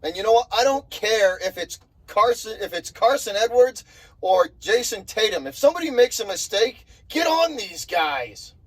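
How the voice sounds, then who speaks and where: In a low-quality recording, a young male sports vlogger rants angrily about his basketball team at a normal speed. His voice is high-pitched and sing-song, and he swears and repeats himself in exasperation.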